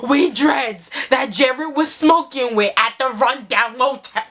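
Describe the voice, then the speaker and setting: Woman, higher pitch, dramatic story reading, animated, swears freely. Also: takes it slowly, hardly any pauses.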